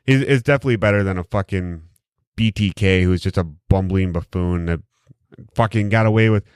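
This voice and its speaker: His voice is low, darkish and clean, moving fairly quickly, and there's no room sound on the close studio recording. He's a podcast host in casual conversation, rambling, joking and swearing a lot.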